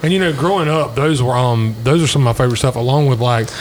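A man's voice: medium pitch, quick pace, slight background noise. A man co-hosting a podcast in laid-back casual chat, often saying "dude". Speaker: podcast co-host.

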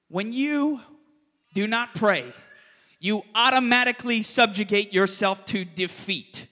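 In a church sanctuary, a male pastor with a very high, bright, forceful voice gives a lively sermon. He alternates loud, punchy emphasis with hushed, quick asides, and a long church-hall reverb trails his words.

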